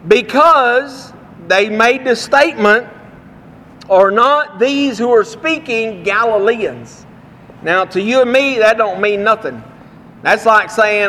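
A man from Texas with a Texan accent, preaching a sermon with folksy stories and slowing down to read scripture. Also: high-pitched, fairly bright tone, in a large hall.

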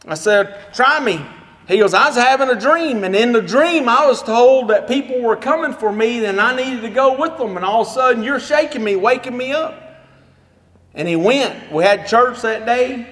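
Preacher guy telling stories in a sermon, very high voice, acts out everybody's lines, big echoey hall. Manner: animated storyteller acting out dialogue. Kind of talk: sermon storytelling. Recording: long reverb of a hall.

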